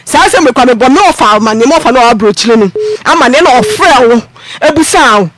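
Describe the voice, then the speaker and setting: A woman's voice: fairly high pitch, animated, brisk, background noise. A Ghanaian woman on a radio counselling show, insistently defending herself with emphatic denials.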